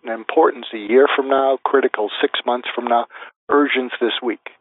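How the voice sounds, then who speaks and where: A man's voice: medium pitch, normal speed, dry recording. A man talks through a method one step at a time, stopping to act out the phrases he would use. His voice comes through a narrow, phone-like line. The sound is dry, with no room around it. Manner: methodical, lists numbered steps, acts out example phrases. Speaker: guest expert. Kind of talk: interview answers, explaining step by step.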